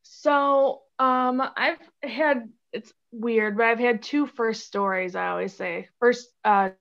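A woman's voice: a little high, takes it slowly, creaky, a bit bright. Chatty giggly young woman, muffled audio. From Chicago. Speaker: podcast guest. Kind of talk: casual interview chat.

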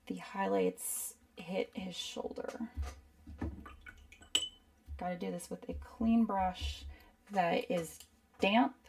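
Brief: gravelly-voiced woman art teacher, rambling live demo, mic set back a little. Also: mid-range voice, darkish tone, far from the mic. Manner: chatty, rambling, talks to herself while painting. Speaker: art instructor. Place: at a painting desk.

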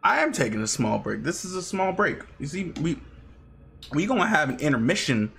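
A man streaming a game from home, chatting casually and sarcastically with his chat, sometimes jumping into high yelps. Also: big pitch swings, a little fast, creaky, sharp tone, slight background noise. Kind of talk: casual livestream chat while gaming.

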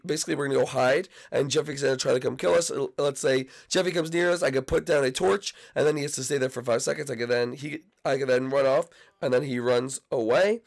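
A sick man with a gravelly, creaky voice talks through a video game. He is excitable and rambling, and his voice sounds worn down by his cold. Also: mid-range voice. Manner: excitable, rambling, shouts out to friends. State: sick, coughing. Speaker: YouTube gaming host. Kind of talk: Minecraft gameplay commentary.

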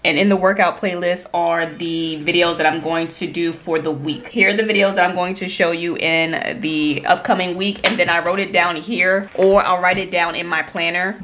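A young woman talking casually through her home workout routine, keeping her voice hushed in the early morning. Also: lowish voice, a little hiss or hum, poor audio. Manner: hushed and soft, trying not to wake others. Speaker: fitness vlogger. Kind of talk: casual vlog narration.

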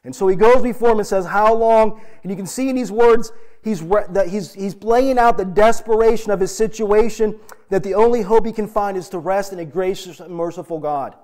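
A man's voice: high voice, brisk, darkish tone. A middle-aged male pastor preaching a sermon in an earnest, emphatic way, asking the congregation direct questions.

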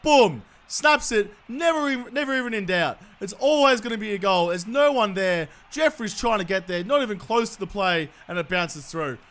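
A young man commentating his own football video game, cheering loudly and swearing at the players. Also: high voice, animated, normal speed, hardly any pauses. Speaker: gaming commentator. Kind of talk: excited gameplay commentary.

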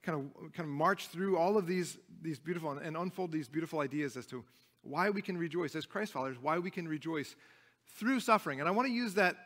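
A man's voice: fairly high pitch, brisk, fairly bright tone. A young adult man preaching a sermon as pastor, earnest and emphatic, often restarting his phrases. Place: church sanctuary. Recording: long reverb of a church hall.

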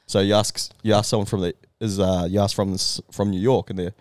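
A man's voice: on the low side, flat delivery, fairly quick, dry recording. A man on a casual podcast, curious and asking questions, often restarting his sentences. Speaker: podcast co-host. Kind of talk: casual chat.

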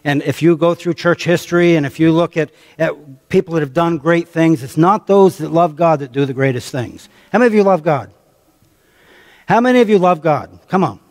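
A man's voice: on the high side, expressive, moderate pace, darkish tone. Preaching man in a reverberant church. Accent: American. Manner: conversational preaching, calls on the congregation, repeats phrases for emphasis. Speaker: pastor. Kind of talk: sermon. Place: church sanctuary. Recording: long reverb of a church hall.

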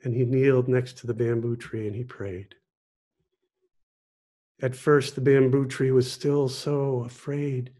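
Slow-paced man telling a sermon story. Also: mid-range voice, level tone. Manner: slow, gentle storytelling with pauses. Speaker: pastor.

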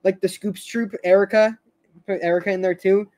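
A high-pitched young man chatting casually on a fan stream. He rambles, trips over his words and restarts sentences, laughing now and then as he goes. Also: steady tone, a little fast, a little mellow. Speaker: show fan host.

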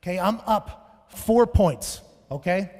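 A man in his thirties performs a stand-up set on a big stage, spinning stories in a loud, profane way that bursts into shouts. His voice sits high, and it rings out through a live hall with a long reverb tail. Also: animated, takes it slowly. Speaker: stand-up comedian. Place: large venue on stage.

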